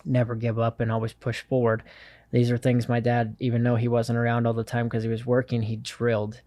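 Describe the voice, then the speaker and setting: A young man, an interview guest, earnestly telling a personal story with many pauses and fillers. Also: mid-range voice, completely flat delivery, dark tone.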